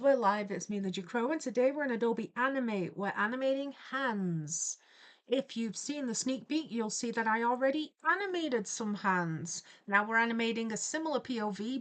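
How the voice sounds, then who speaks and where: A young woman with a fairly high voice chats her way through a live stream, playful and quick to giggle. She greets each viewer by name in a loose, friendly patter while she works, speaking into a desk microphone. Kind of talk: casual live-stream chat while drawing.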